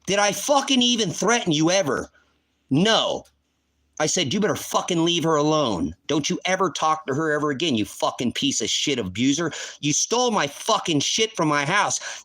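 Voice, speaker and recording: A man's voice: a little high, sing-song, moderate pace, a bit bright. Heated, swearing man on a livestream. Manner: heated, profane, accusatory. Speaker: livestream host. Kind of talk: angry livestream rant.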